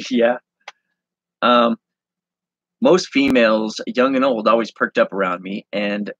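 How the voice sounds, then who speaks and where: A man reading his handwritten story aloud, halting and correcting himself as he goes. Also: lowish voice, fairly bright tone, dry recording, highs cut off. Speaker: online reseller and host.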